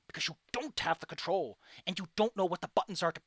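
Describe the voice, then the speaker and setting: High, bright-voiced ranting streamer man. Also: fast, a little hiss or hum. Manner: animated and ranting, swears freely. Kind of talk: casual let's-play commentary.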